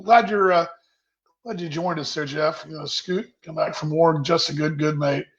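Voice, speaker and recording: In dull lo-fi video call audio, a man hosts a casual virtual happy hour from his home kitchen, chatting, rambling and reading out viewers' comments. His voice is a little high and creaky, with fairly even intonation and normal speed.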